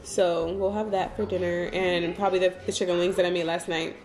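A woman's voice: fairly low pitch, little pitch movement, fairly quick, a little mellow. A woman talking casually to her viewers in a home vlog, rambling and chatty, calling them "y'all". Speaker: vlogger. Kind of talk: casual day-in-the-life vlog chat.

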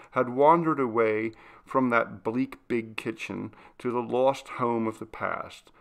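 A male narrator reads a classic ghost story in a steady, measured way. His voice sits in a middle pitch with a noticeably gravelly texture. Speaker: audiobook reader.

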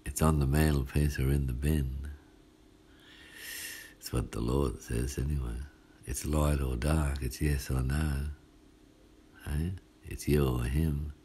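A male pastor with an Australian accent preaches a midweek sermon in a chatty, folksy way, often asking his listeners "hey?". His voice is very low and mellow, and he talks at an unhurried pace. A faint ambient hum sits behind him. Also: fairly even intonation.

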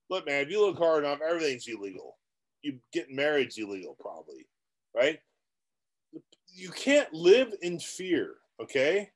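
Male real estate coach, vlog monologue: pitch on the high side, very animated, blunt, rambling, talks right at the viewer. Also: moderate pace. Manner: blunt and repetitive, with many restarts.

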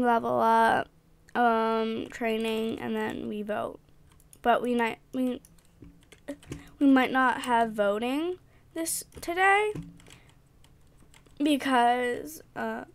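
A young woman with a high voice chats her way through a game in an excitable, rambling way. She speaks slowly and unhurriedly, filling gaps with ums and likes. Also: clean tone. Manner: chatty, excitable, rambling with fillers. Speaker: gaming vlogger. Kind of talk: casual game commentary.

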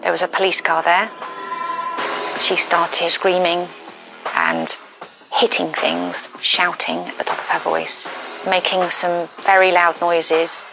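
A woman interviewed for a documentary as a friend, speaking very slowly and deliberately. Her voice sits slightly low, with faint music beneath it. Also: expressive, creaky, poor audio. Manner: slow, deliberate recounting.

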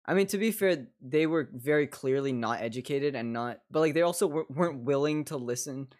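A young man streaming a game and chatting casually, swearing a lot, giggling and breaking into excited bursts. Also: medium pitch, fairly quick. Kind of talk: casual gameplay chat.

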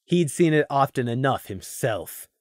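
Animated male story narrator. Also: medium pitch, unhurried, no echo, studio quality. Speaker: audiobook narrator.

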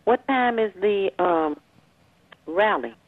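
Brisk woman on a dry phone line. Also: mid-range voice, lively intonation, dry recording. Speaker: radio show host. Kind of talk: phone-in talk.

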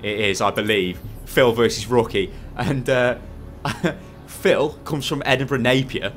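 A man's voice: measured pace, fairly bright tone, faint music behind. A man casting a strategy game match, joking around and laughing. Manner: jokey, bursts into laughter and high-pitched yelps. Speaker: esports commentator. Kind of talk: playful game commentary.

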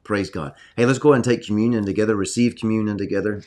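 A man preaching informally from his home study to an online audience, earnest and conversational, now and then raising his voice loudly for emphasis. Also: lowish voice, steady tone, rapid-fire.

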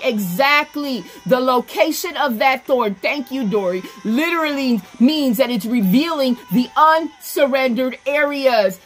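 A woman delivering an online sermon in a somewhat high voice, emphatic and repetitive. She calls on listeners by name as she teaches. Faint music plays underneath. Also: expressive, measured pace, hardly any pauses. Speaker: preacher.

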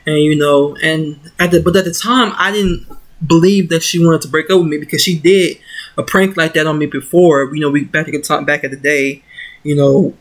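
A woman's voice: deep voice, fairly even intonation, moderate pace. A young woman telling a personal story in a casual story-time vlog, rambling with many fillers and growing heated, into a computer microphone. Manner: rambling, full of "you know" fillers, grows heated and emotional. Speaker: vlogger.

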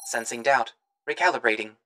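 A man voicing a calm, formal robotic AI assistant with flat, polite machine phrasing. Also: medium pitch, fairly quick, natural voice.

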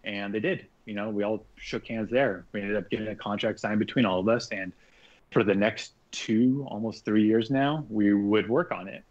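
A man's voice: on the low side, normal speed, lo-fi sound. A man, a guest artist on a podcast, telling a long story casually and animatedly, acting out what people said and swearing freely. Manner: animated, acts out quoted speech, swears freely.

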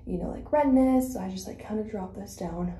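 A woman's voice: medium pitch, fairly quick, warm tone. A woman vlogging casually while doing her makeup, a native Spanish speaker who rambles with fillers and restarts and sounds a little out of breath. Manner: chatty, rambling with fillers and self-corrections. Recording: echoey room.

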